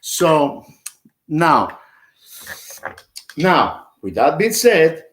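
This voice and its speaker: A man's voice: on the high side, big pitch swings, drawn-out words, fairly bright tone. Chatty man teaching drums. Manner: chatty, scats drum patterns aloud. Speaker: drum teacher. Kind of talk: live online drum lesson. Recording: roomy, with drumming behind.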